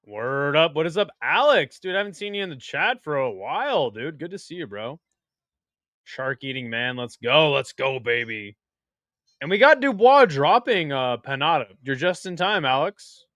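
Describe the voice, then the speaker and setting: A young man hosting a casual live-stream watch party, crude and excitable, joking with his chat. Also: fairly high pitch, normal speed, no echo.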